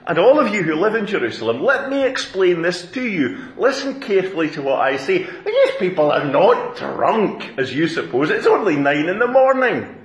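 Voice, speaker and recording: A man's voice: high voice, very animated, normal speed, hardly any pauses, echoey room, highs cut off, pitched above the performer's own voice. A man putting on Peter, raised and urgent. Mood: urgent, emphatic. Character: male apostle Peter addressing a crowd, urgent.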